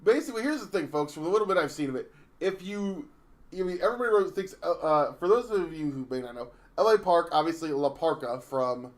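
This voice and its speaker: A man's voice: fairly high pitch, expressive, fast talker. Rambling man on a wrestling podcast. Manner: rambling, laughs easily, many fillers. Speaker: podcast co-host. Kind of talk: casual wrestling podcast chat.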